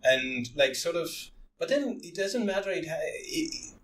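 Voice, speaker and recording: A man's voice: a little high, sing-song, unhurried, fairly bright tone. Rambling man hosting a podcast. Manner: rambling, many fillers and restarts. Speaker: podcast host. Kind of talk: casual chat. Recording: roomy, slightly distant mic, faint ambience.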